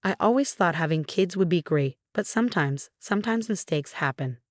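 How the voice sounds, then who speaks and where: Brief: woman narrator doing a drunk, scornful father, low voice, dry read. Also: animated, normal speed, dry recording, close to an everyday voice. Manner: slurred, dismissive. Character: drunk, cruel middle-aged father.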